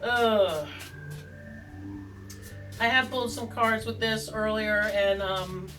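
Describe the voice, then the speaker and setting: In a rambling, casual tarot video, a woman jokes at her own expense and wanders into many asides. She speaks slowly in a steady, mid-range voice, and the mic is distant, giving poor audio with faint background music.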